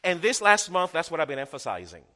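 A man's voice: on the high side, big pitch swings, fast talker, bright, forceful tone, big-room sound. A male pastor preaching a sermon, emphatic and repeating key phrases for effect.

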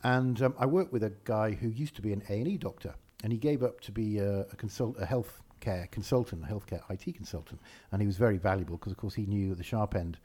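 Playful man, dark husky voice. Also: on the low side, fast talker, few pauses. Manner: playful, breaks into silly accents. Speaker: podcast co-host. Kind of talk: casual chat.

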